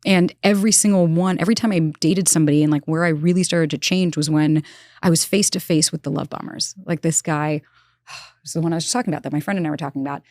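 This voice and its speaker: Fast-talking candid New woman. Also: deep voice, fairly even intonation, darkish tone, no echo, studio quality. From New York. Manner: fast, candid storytelling with quick asides. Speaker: relationship expert guest. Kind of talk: casual interview conversation. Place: studio in Los Angeles.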